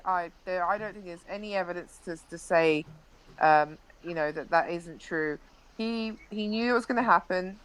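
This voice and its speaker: A woman's voice: on the low side, fairly bright tone, rough recording. A young woman, a live-stream interview guest, animatedly recounting an incident with frequent restarts.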